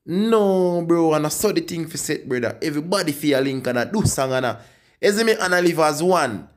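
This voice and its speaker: A man with a Jamaican accent hosting an entertainment channel and giving casual commentary on artists, often repeating "you see me, I say" with lively jumps in pitch. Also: fairly quick.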